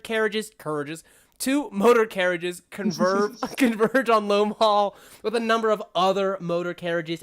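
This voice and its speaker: Rambling tabletop game master. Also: male voice, on the high side, fairly bright tone. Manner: rambling, lots of fillers and restarts.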